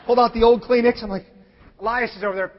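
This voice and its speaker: High-voiced man preaching in a big hall. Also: fast talker, a little hiss or hum. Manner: animated, acts out other people's lines, builds to shouts. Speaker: pastor. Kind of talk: storytelling sermon. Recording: long hall reverb, dull lo-fi sound.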